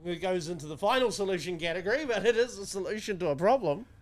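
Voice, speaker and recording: A New Zealand man co-hosting a podcast rants and jokes in crude casual banter, full of swearing and sarcasm. His voice sits high, expressive and fast.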